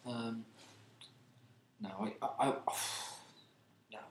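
A man chatting casually on a podcast, musing in a dry, offbeat way and often trailing off quietly. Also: medium pitch, level tone, drawn-out words, slight background noise. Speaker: podcast co-host. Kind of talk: casual chat. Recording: roomy echoey sound.

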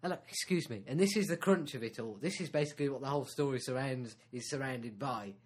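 A man's voice: mid-range voice, quick pace, darkish tone, slightly rough. A man co-hosting a comedy chat, telling a hesitant, rambling anecdote, repeating himself. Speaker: comedy podcast co-host.

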